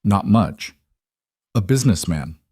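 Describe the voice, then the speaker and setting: Reserved mafia boss, terse and measured, voiced by a male narrator, low and dry. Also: lively intonation, a little mellow, slightly rough, no room sound, full character voice. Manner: measured, matter-of-fact, terse.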